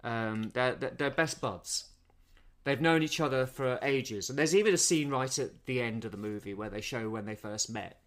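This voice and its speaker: A man co-hosting a casual film-review podcast, walking through the plot at length. He repeats words and restarts often as he goes, at a mid-range pitch. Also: moderate pace, fairly bright tone. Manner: rambling recap, many repeated words. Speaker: podcast co-host.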